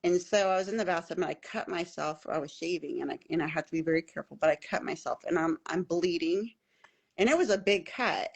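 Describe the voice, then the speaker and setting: A woman's voice: lowish voice, fast, vocal fry, slightly rough. A woman guest on a podcast telling a personal story in casual, earnest, emphatic talk, often repeating key phrases. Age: adult with children at home.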